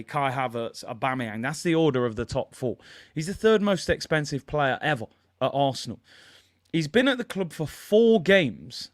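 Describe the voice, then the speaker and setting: A man hosting a fan channel, giving opinionated, animated football commentary and reading out viewer comments. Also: a little high. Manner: animated, opinionated, reads chat comments aloud.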